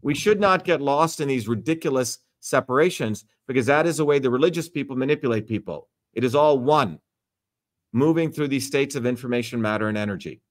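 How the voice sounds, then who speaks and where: A man's voice: medium pitch, brisk. A man hosting a livestream Q&A, talking bluntly and emphatically, lecturing and swearing freely. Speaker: host. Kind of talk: livestream Q&A talk.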